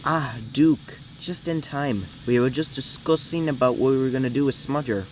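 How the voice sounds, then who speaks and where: A man's voice: medium pitch, normal speed, a little mellow, a little hiss or hum, lightly acted. A young man voicing a friendly male railway engine with an old-fashioned accent. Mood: brisk.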